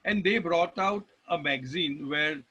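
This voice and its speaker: A man's voice: on the high side, measured pace, bright, forceful tone, husky, lo-fi sound. A man with an Indian English accent giving a rambling spiritual talk, telling stories with restarts and emphatic lists. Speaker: devotional speaker.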